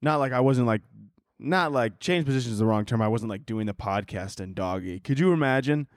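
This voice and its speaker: A man's voice: medium pitch, lively intonation, a little fast, no room sound, clean studio sound. A young man hosting a solo comedy podcast, rambling and self-mocking, swearing freely and jumping between tangents while holding his microphone. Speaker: podcast host. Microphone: handheld microphone.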